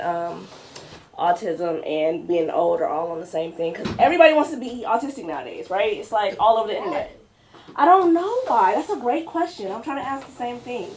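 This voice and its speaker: Lively woman hosting a comedy open mic. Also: mid-range voice, a little hiss or hum. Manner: chatty, playful, laughs at her own jokes.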